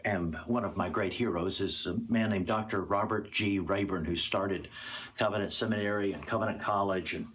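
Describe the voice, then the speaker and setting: A man's voice: sits low, steady tone, moderate pace, fairly bright tone, a little hiss or hum. A male pastor preaching a sermon and reading scripture, earnest and repeating words for emphasis.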